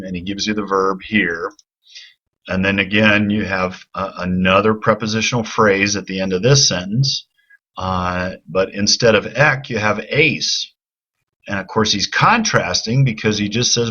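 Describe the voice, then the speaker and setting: A man, a Greek professor, giving a relaxed, informal lecture, thinking aloud with frequent fillers and restarts. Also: low-pitched, dull audio.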